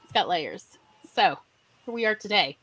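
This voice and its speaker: A woman hosting a casual live-stream chat, bubbly and exclamatory and quick to laugh. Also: medium pitch, animated, a bit bright. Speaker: podcast host.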